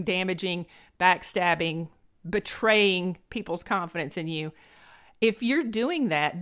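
A middle-aged woman speaks earnestly as a podcast host, giving a motivational monologue. She repeats phrases for emphasis, and her voice sits at a mid pitch. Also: fairly bright tone.

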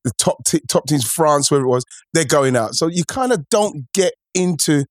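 A man hosting a casual football podcast, rambling and halting with many restarts. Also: a little high, animated, no echo, studio quality. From England. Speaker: podcast host.

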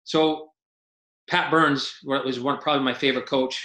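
A man with a bright, forceful voice spins lively stories in easy conversation and acts out what others said. His voice rings with a noticeable echo of the room around him. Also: mid-range voice, moderate pace. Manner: animated storyteller acting out quotes, laughs often. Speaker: podcast guest, retired hockey player. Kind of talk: casual storytelling.

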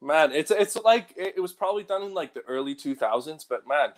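A man's voice: a little high, lively intonation, fairly quick. A man who grew up in the United Kingdom, co-hosting a podcast in casual chat and laughing through the banter. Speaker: podcast co-host.

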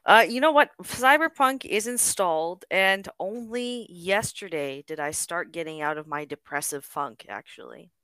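A young woman co-hosting a podcast, chatting casually in a rambling, halting way and laughing often. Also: fairly low pitch, lively intonation, fairly bright tone, clear, resonant tone, no echo. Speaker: podcast co-host. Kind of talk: casual chat.

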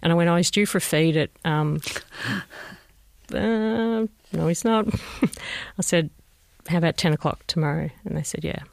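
A woman with an Australian accent, a mother gently recalling a painful family story in an interview and re-enacting what people said. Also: sits low, steady tone, measured pace, vocal fry, dry recording. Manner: reflective, gentle, re-enacts conversations. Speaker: bereaved mother telling her story. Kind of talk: personal recollection, interview.

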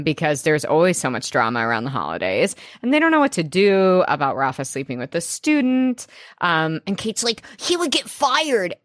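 Lively excitable young woman co-host. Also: low-pitched, dry recording, clean studio sound. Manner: excitable, laughs a lot, acts out the characters' lines. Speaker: podcast co-host. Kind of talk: casual recap chat.

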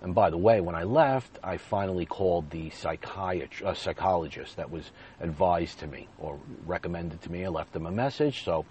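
Brief: low-voiced male podcaster, candid storytelling monologue, animated delivery, faint background hiss. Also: normal speed, hardly any pauses. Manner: animated retelling, swinging between loud bursts and quiet asides.

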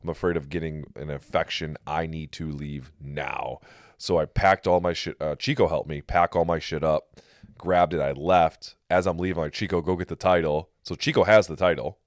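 A man's voice: very deep voice, fairly even intonation, normal speed, no room sound, studio quality. A man hosting a podcast, casually rambling through a story with his wife and swearing freely. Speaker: podcast host. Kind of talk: casual chat.

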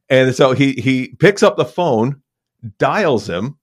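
A man co-hosting a football podcast in casual chat, telling a relaxed, rambling anecdote. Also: medium pitch, takes it slowly. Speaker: podcast co-host.

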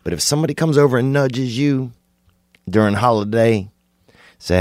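A man from Louisiana with a very low voice rambles through a digressive comedic monologue, now and then leaping into high, excited bursts. The sound is dry and close, with no room echo. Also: normal speed, pauses often.

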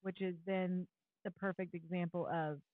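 A woman hosting a podcast, talking in a relaxed, thoughtful way with soft affirmations. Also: fairly low pitch, moderate pace, dry recording. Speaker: podcast host. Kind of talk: casual parenting chat. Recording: dry, phone-like remote line.

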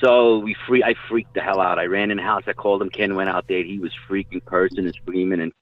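A man's voice: sits low, fairly even intonation, quick pace, no echo. A man telling hunting stories in casual chat, rambling and swearing freely. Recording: dry tinny phone-like line.

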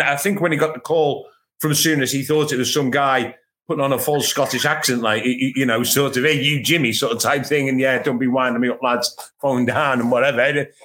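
A middle-aged man from England, a podcast co-host telling football anecdotes in a lively, stumbling chat. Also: mid-range voice. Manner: anecdotal, animated, lots of restarts. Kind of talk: casual chat, storytelling.

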